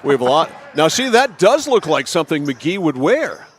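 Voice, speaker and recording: A man's voice: fairly high pitch, very animated, moderate pace, a bit bright. A man calling a basketball game play by play, chatty and teasing with his co-commentator. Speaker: play-by-play announcer. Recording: gym noise behind.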